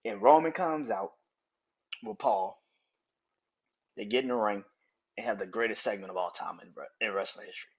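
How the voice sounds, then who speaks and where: A man hosting a casual wrestling review podcast, talking in a profane, rambling way with quick restarts. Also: fairly low pitch, breathy edge, lo-fi sound. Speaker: podcast host.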